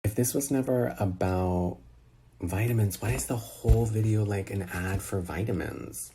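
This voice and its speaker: A man ranting in disbelief on a phone video call, animated and exasperated. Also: fairly low pitch, moderate pace, soft background music. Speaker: social media personality. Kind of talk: casual rant on a video call.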